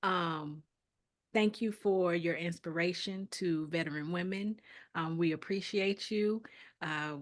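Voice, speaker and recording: A chatty woman hosts a casual interview and laughs often. Her voice sits a little low. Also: slow pace. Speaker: interview host.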